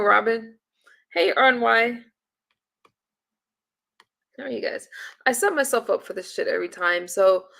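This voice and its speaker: A woman's voice: on the high side, creaky, bright, forceful tone. A woman on a casual live-stream check-in, chatty and emotional, greeting viewers by name and often trailing off and restarting. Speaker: livestreamer.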